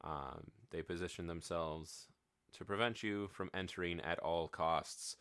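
Guy running a tabletop game, lowish voice, lots of uhs, dry close sound. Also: unhurried, smooth, no room sound. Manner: relaxed, with frequent filler words. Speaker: game master and show host. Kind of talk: announcements and narrating a tabletop game.

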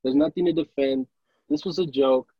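A man's voice: medium pitch, normal speed, husky, no room sound, muffled recording. A young man, a podcast co-host, ranting angrily and with lots of swearing about a football draft pick. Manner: angry, profane, repetitive ranting. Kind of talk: heated sports rant.

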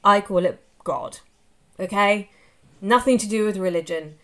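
A woman's voice: mid-range voice, unhurried, fairly bright tone. A woman with an Australian accent hosting a podcast in a casual solo monologue, speaking candidly, swearing freely and rambling in long run-on sentences, recorded live on a phone. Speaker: podcast host. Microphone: phone, live on social media.

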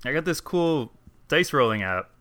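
Animated, bright-voiced man player. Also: fairly high pitch, normal speed, slight background noise. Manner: laughing, animated. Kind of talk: casual tabletop game play.

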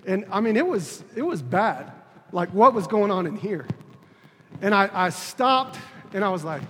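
A man's voice: sits high, expressive, fairly bright tone, long reverb tail. Man, 30s, church preacher, earnest testimony, stumbles and repeats, faint room noise behind. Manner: halting, repeats words and restarts, earnest. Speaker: preacher on a church leadership team. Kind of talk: personal testimony sermon.

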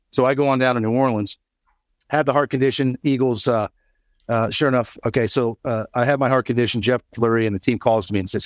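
Fast-talking man telling a story on a call. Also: medium pitch, dry recording, clean studio sound. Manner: animated, quick storyteller acting out dialogue. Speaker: guest. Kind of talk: storytelling in an interview. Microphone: video call.

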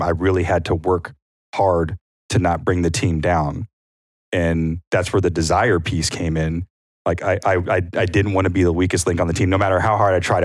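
Very deep-voiced man, casual podcast chat. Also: no room sound, studio quality. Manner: storytelling, acts out quotes in a higher voice. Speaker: podcast co-host.

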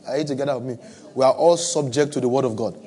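With a warm, mid-range voice and a fast delivery, a man with a West African accent preaches to a live and online church audience. His sermon is conversational and humorous, full of phrases repeated for emphasis.

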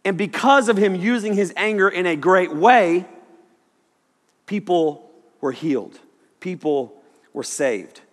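A man's voice: sits high, animated, slow, long pauses. A man preaching a sermon as pastor, joking and acting out the people he quotes. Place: church auditorium. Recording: long hall reverb.

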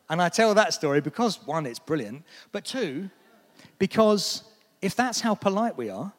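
Animated British preacher in a big hall. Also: male voice, a little high. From Britain. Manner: animated storytelling, acts out quotes in raised voice. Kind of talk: sermon. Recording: long hall reverb.

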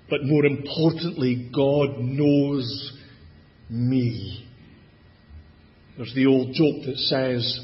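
A man preaching a sermon, slow and deliberate, dropping to a hush on key words. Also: medium pitch, fairly even intonation, long reverb tail, lo-fi sound.

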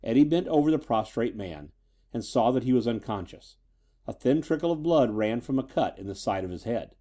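A man narrating a scripted pulp story in an expressive, dramatic way. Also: mid-range voice, brisk.

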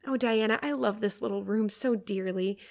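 A woman's voice: medium pitch, moderate pace, creaky, darkish tone, close to an everyday voice. A woman reading aloud, voicing an eager, dreamy teenage girl who talks effusively. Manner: romantic, effusive.

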